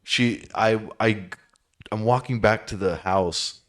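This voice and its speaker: A man's voice: lowish voice, slow. A man hosting a podcast, telling a story in a profane, rambling, self-mocking way. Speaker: podcast host. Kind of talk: casual storytelling.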